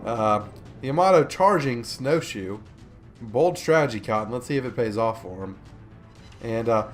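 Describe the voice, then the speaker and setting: Yawning and drowsy from a morning session, a man talks through a warship game replay in a joking, chatty way full of fillers. He speaks unhurriedly at a medium pitch, with soft music playing in the background.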